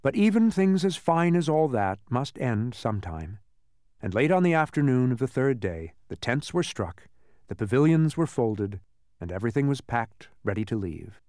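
A man reading a children's storybook aloud as narrator, in an expressive way. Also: mid-range voice, normal speed, dry recording, studio quality.

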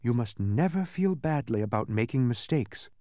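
A man reading aloud, voicing a grave, quiet, wise young princess in a storybook. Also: fairly high pitch, unhurried, dry recording, clean studio sound, voice pushed up, exaggerated voice. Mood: gentle, wise. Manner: calm, quiet, patient.

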